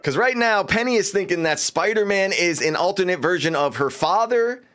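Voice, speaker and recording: Brief: male host, higher pitch, loose and profane comedic storyteller. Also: expressive, moderate pace, a bit bright, soft background music. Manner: casual, profane, lots of "like". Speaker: YouTube guide host. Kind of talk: comedic comic-book recap.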